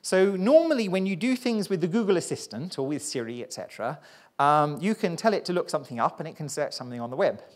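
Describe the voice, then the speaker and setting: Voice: mid-range voice, lively intonation, fast talker. A presenter giving a public science talk at a live pub event, chatty, rambling and self-deprecating.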